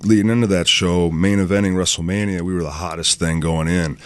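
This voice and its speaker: A man with a low, monotone voice, chatting casually as a guest in a radio studio and telling rambling stories. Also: brisk, dry recording. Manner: laid-back, rambling storyteller. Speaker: radio show guest, pro wrestler. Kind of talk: casual chat.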